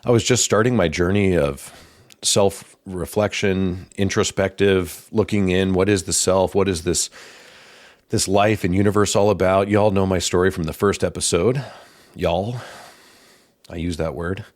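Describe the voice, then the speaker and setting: A man hosting his own podcast, talking in a calm, thoughtful, casual way with pauses. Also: deep voice, no echo, clean studio sound. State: slightly out of breath. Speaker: podcast host. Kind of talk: casual reflective monologue.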